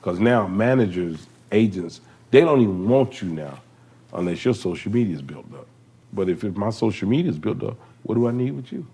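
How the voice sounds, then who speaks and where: A husky-voiced man in his fifties trades comedy stories in a relaxed conversation. He tells them with animation, jumping into characters' voices as he goes. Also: on the low side, fairly quick. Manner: animated storyteller, voices characters with big laughs. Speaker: guest comedian. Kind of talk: storytelling comedy chat.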